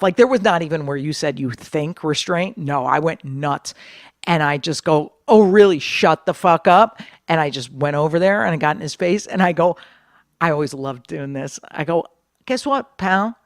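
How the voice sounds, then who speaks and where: A middle-aged woman comedian in casual podcast chat, brash and profane, telling stories with lively quoted voices. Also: deep voice, moderate pace, no room sound, studio quality.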